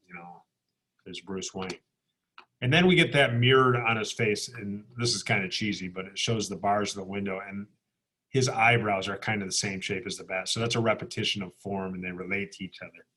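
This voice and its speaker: A man's voice: on the low side, a bit bright. A man teaching an art class, walking students through comic book pages in a recorded lecture, explaining as he goes and often restarting phrases. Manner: explanatory, with frequent restarts and "okay?" check-ins. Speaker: art instructor.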